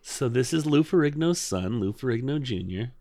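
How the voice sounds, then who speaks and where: A man's voice: mid-range voice, expressive, moderate pace, dark tone. A man co-hosting a podcast, chatting casually about a TV show with rambling asides and frequent laughs. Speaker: podcast co-host.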